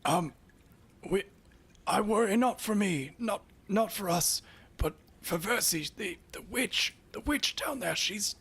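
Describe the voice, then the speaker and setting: A man's voice: high-pitched, gravelly, fairly bright tone, husky, pitched above the performer's own voice, full character voice. A man voicing a panicked old male priest who stammers and begs for help. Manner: pleading, stammering, repeats words.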